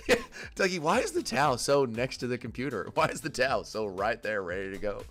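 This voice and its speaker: An Australian man hosting a fight livestream, talking in a bright, sharp voice that swoops up and down. He is rowdy and profane and often hollers at the fighters. Faint music plays behind him. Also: mid-range voice, fairly quick. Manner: excitable, profane, yells at fighters. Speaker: livestream host. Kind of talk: live fight watch-along commentary.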